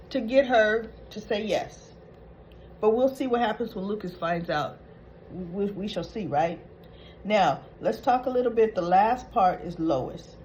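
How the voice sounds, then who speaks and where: A woman's voice: a little high, a little mellow, a little hiss or hum, low-quality recording. Chatty woman recapping a soap. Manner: chatty, retells scenes acting out quoted lines. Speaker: soap opera recap host. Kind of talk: casual spoken episode recap.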